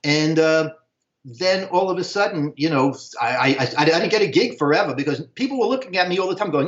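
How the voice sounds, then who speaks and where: Older american man, slightly high voice, rambling slangy storytelling, roomy dull stream audio. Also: animated, a little fast. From United States. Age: 60s. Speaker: interview guest. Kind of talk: casual storytelling.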